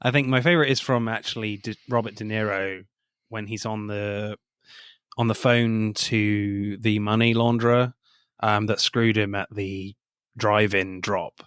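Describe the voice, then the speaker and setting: A man's voice: on the low side, fairly even intonation, measured pace, a bit bright, clean tone, no echo, studio quality. A man co-hosting a casual film review podcast, quoting favourite lines with gusto and laughing often. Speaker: podcast co-host.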